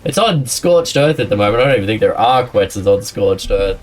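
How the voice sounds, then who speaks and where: A man's voice: on the low side, expressive, a little fast, far from the mic, a little hiss or hum. A man streaming a game, chatting casually with his viewers and a friend, often laughing and rambling. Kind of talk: casual live-stream chat while gaming.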